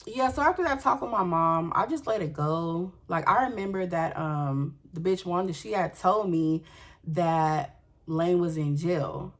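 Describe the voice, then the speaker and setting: A young woman telling a storytime vlog. She is animated and profane and speaks straight to her viewers in a candid way. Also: lowish voice, a little slow.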